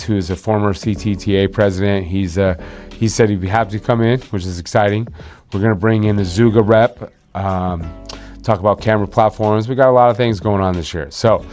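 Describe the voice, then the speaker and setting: A man with a fairly low voice talks through insurance coverage like he's chatting with a client. He leans on fillers and restarts his sentences. Faint music sits under the voice. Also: fairly even intonation, a little fast, a little mellow. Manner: conversational, with many fillers and restarts. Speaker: insurance agent hosting a video series. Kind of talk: casual explainer talk.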